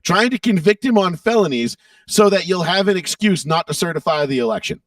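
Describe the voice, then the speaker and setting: A man's voice: sits high, animated, fairly quick, no room sound, distant mic. A man co-hosting a casual political podcast, ranting with profanity and mockery. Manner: profane, mocking rant. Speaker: podcast co-host.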